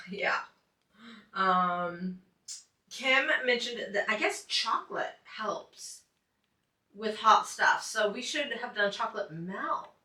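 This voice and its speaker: A woman's voice: mid-range voice, lively intonation, slow pace, sharp tone, distant mic. A woman hosting a casual online chat show, upbeat and chatty, laughing often. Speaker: show host. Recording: echoey room, a little off mic.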